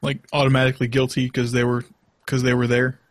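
A man's voice: medium pitch, completely flat delivery, fast. A man in casual chat who breaks in with short questions.

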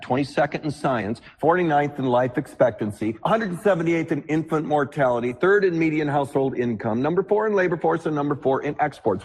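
An actor playing a blunt, exasperated news anchor who delivers a cutting, sarcastic rant full of listed facts. His voice is a little husky. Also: mid-range voice, darkish tone.

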